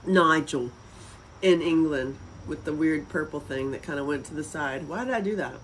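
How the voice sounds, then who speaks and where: A woman's voice: deep voice, a little slow, long pauses, a little hiss or hum, low-quality recording. A woman from North Carolina with a Southern accent, chatting casually and rambling on a livestream. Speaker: livestream host.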